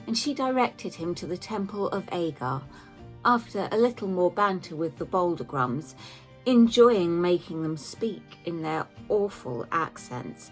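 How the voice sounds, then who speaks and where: Slow, low-voiced woman narrating a recap. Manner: measured, dry asides. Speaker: game master narrating a campaign recap. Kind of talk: scripted narration. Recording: faint background music.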